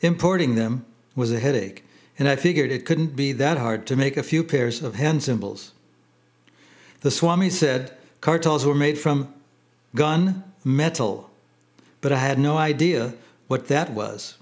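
A man reading his memoir aloud in plain, unhurried storytelling. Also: mid-range voice. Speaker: narrator. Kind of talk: memoir audiobook narration.

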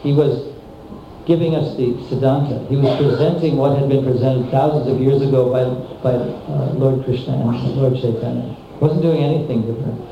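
A man delivers an unscripted sermon to a seated audience, doubling back on his words as he gathers his thoughts. His voice rings through a strongly reverberant room, captured on a dull, low-fidelity recording with a faint hiss behind it. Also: steady tone, moderate pace, vocal fry. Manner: repeats words often while thinking aloud. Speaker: speaker at a devotional gathering. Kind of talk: informal sermon.

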